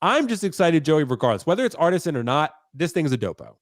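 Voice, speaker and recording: Stuffy-nosed excited male host. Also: a little high, fast, dry recording, studio quality. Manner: excited, chatty, says dude a lot. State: congested with a cold. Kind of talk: casual collector chat.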